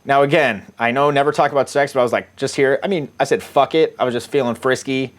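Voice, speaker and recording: A man's voice: medium pitch, fairly even intonation, fast. Wry, rambling middle-aged man. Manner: wry, rambling, profane, laughs at his own jokes. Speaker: dating coach. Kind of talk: casual commentary reading out dating-app messages.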